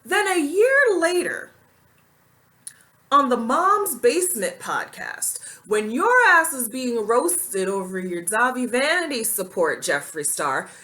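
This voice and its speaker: A woman's voice: a little high, bright, forceful tone. A woman talking straight to camera in a commentary vlog, blunt and indignant, with plenty of casual slang. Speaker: commentary vlogger.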